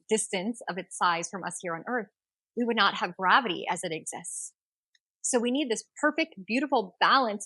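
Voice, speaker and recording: A woman host tells a myth in a flowing, rhythmic voice, then explains its meaning. Her pitch sits at a middle level. The recording is close and dry, without room echo. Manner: expressive, rhythmic storytelling. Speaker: astrology podcast host. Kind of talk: storytelling and teaching.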